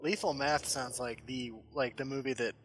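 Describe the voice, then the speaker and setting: A man co-hosting a casual podcast, excitably telling stories with stammered restarts. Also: mid-range voice, moderate pace, faint music behind. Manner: excitable storyteller, stammering restarts, laughs often. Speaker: podcast co-host.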